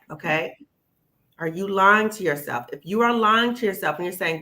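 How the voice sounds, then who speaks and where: A woman hosts a live panel discussion over a video call. Her voice is bright and forward, and she talks in an emphatic, encouraging way. She keeps checking in with "okay?" and calls the listener "sis". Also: lowish voice, brisk. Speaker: host.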